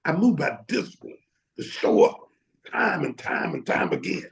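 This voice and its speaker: A man's voice: on the high side, expressive, normal speed, gravelly, low-quality recording. A man preaching fervently to his academy's members over a video call, with frequent exclamations. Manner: fervent, exclaims and laughs often. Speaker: academy leader addressing members. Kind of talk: motivational preaching.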